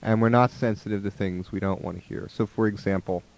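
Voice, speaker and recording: Low-voiced man giving a spiritual talk. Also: fairly even intonation, brisk, vocal fry, darkish tone. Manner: conversational, acts out quoted voices. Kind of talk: spoken talk on relationships.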